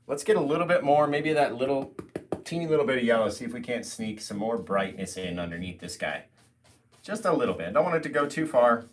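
A young man teaching a live painting tutorial, mostly soft and gentle, with sudden playful loud bursts. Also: medium pitch, animated, a little fast. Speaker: painting instructor.

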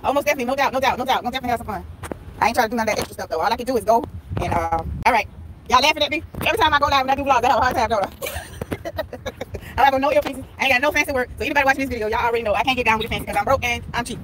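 A woman's voice: a little high, rapid-fire. A woman live-streaming a vlog on her phone while walking around a busy outdoor tailgate, chatting playfully with viewers and greeting them by name. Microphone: phone held while walking. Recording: phone recording with outdoor background noise.

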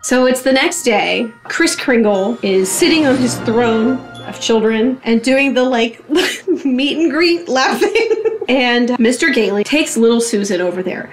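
A young woman tells a movie story while tipsy, giggling and rambling as she goes. Her voice sits a little higher than average. It comes across as a loose comic retelling. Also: lively intonation, unhurried, faint music behind.

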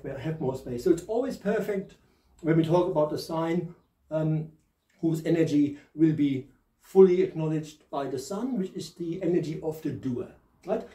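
Poor audio captures a tarot reader and host, speaking with a German accent and a slight new-denture lisp, in a casual, chatty, joking reading where he laughs at himself. His fairly high voice sounds mellow, roomy, and distant from the mic.

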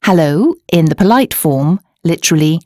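A woman reads a beginner language lesson with clear, measured explanations. Her voice sits a little low but moves lively up and down. The studio sound is dry and close. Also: no echo. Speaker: language course narrator. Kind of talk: scripted instructional narration.

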